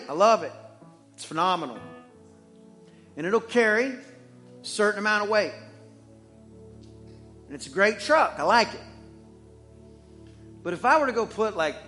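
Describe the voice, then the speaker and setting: A man preaching a sermon in church as the pastor, animated and joking, swinging between loud and hushed. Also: on the high side.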